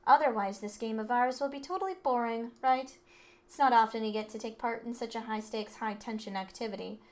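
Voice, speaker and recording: A woman's voice: a little high, brisk, darkish tone, close to an everyday voice. Byakuya, woman reading haughty rich boy. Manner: haughty, condescending. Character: arrogant rich teen boy heir, cold. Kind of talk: reading game dialogue aloud.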